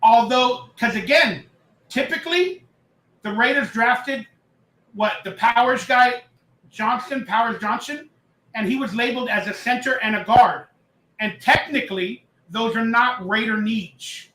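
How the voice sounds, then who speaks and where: Chatty livestream host in an echoey room. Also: male voice, extremely high pitch, a little slow, bright, forceful tone. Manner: chatty, reads chat aloud, jokes and rambles. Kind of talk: casual live-stream chat.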